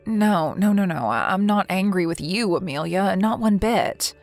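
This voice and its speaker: A mid-pitched woman speaks earnestly and indignantly, protective in tone, in a text-story video. Faint music plays under the voice. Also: expressive, normal speed, creaky, few pauses.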